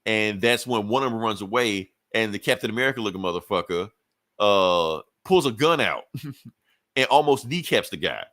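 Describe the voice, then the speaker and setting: A man with a fairly low voice runs through a comic's plot in loose, profane podcast chatter, tossing off quick voices for each character. The mic is close and the sound is dry, with no room echo. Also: expressive, fairly bright tone. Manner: profane, rambling retelling with quick voiced asides. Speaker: podcast co-host recapping a comic. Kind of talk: casual comic book recap chat.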